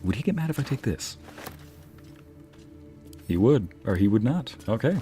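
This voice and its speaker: A man's voice: medium pitch, sing-song, normal speed, over music. A young man hosting a let's play, chatting and joking casually with his viewers as he plays. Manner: joking, chatty, talks to chat. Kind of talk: casual gameplay commentary.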